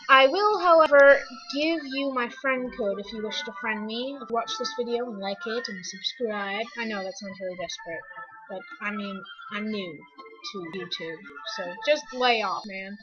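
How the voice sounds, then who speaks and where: A young woman chats excitedly through her gameplay, her voice high and bright. She jumps from one thing to the next. The sound is dull and lo-fi, with faint game music underneath. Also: normal speed. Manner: chatty, excitable, easily distracted. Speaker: gamer. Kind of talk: casual game commentary.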